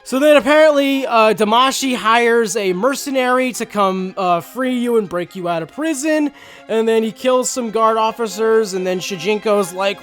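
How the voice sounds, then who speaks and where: A man's voice: high voice, moderate pace, fairly bright tone, soft background music. A man giving a casual, sarcastic, profanity-laced recap of a game story as a reviewer.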